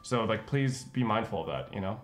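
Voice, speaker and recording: A man's voice: fairly low pitch, animated, brisk. A man talking earnestly on a livestream, rambling with lots of fillers. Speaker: streamer. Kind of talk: casual stream chat.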